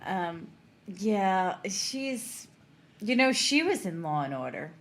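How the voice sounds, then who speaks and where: A woman's voice: medium pitch, sing-song, slow pace, a crowd in the background. A woman co-hosting a podcast, chatting casually in a playful, giggly way. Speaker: podcast co-host. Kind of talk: casual chat.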